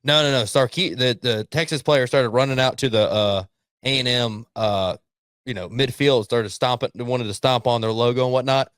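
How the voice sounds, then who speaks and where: Co-hosting a casual sports podcast, this man is blunt, swears readily, and acts out coaches yelling. His voice is smooth and sits at a middle pitch for a man. The sound is close and dry, with no room echo.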